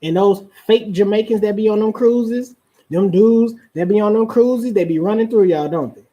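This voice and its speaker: A woman's voice: mid-range voice, moderate pace, dark tone. A woman giving relationship advice on a live stream. She keeps asking her audience rhetorical questions and drawls out the phrases she wants to stress.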